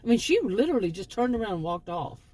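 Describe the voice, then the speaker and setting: A former sociology teacher who hosts her own channel tells a personal story in a chatty, rambling monologue with frequent restarts. Her medium-pitched voice is a little mellow, moving quickly with big pitch swings.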